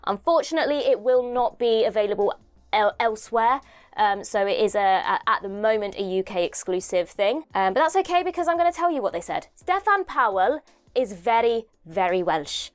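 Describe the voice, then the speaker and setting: Young female host, casual commentary, chatty and self-deprecating, mid-pitched voice. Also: brisk.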